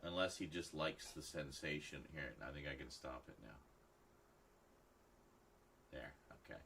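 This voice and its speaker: A man's voice: rumbling low, a little slow, gravelly, pushed and bright, a little hiss or hum. A man hosting a late-night livestream, chatting casually with viewers and rambling with many restarts. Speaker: livestream host. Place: home at night.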